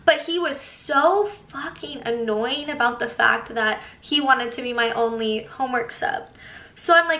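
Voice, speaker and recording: A woman's voice: high voice, moderate pace, pushed and bright. Chatty young woman in an echoey room. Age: young adult. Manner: chatty, reads texts aloud with laughing asides. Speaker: vlogger. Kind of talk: casual storytime.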